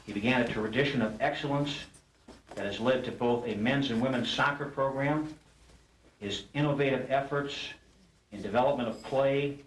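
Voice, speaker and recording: A man's voice: medium pitch, moderate pace. Man reading a formal award introduction. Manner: formal, stumbles while reading. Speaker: presenter at award ceremony. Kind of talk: formal introduction read from notes. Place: banquet hall. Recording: roomy hall recording from a distance.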